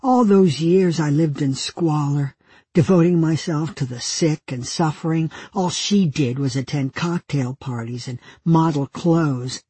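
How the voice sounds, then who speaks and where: A man's voice: on the high side, measured pace, warm tone, breathy edge, dry recording. A man voicing an aggrieved elderly nun in a told joke, complaining indignantly.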